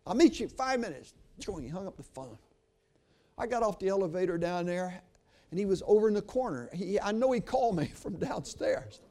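An older man preaching a sermon, telling a story and then praying, earnest and swinging from hushed to emphatic. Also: high-pitched, animated, normal speed.

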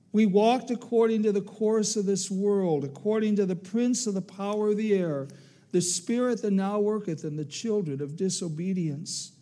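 Slow, mellow-voiced preaching man. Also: sits high. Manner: measured preaching with slow emphatic phrases and scripture quotes. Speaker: pastor. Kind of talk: sermon.

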